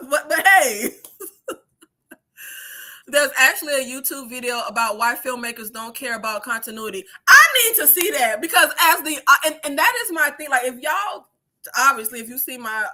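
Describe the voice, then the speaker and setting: A woman in her thirties chatting casually on a livestream in an animated way, swearing freely, laughing and using many fillers. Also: high voice. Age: 30s. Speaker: YouTube creator.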